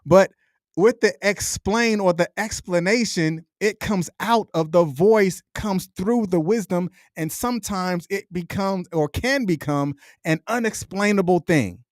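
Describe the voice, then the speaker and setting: A man's voice: high-pitched, measured pace, no room sound. A middle-aged man giving a dry, preacherly pep talk. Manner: reflective, repetitive, preacher-like cadence. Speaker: podcast host. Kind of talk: motivational monologue.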